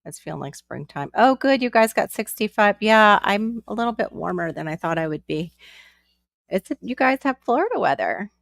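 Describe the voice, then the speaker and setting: Chatty woman with a gravelly edge. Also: mid-range voice, expressive, normal speed, no room sound. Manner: chatty, rambling, greets viewers by name. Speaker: live-stream host. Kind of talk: casual live-stream chat. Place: at home with her young son nearby.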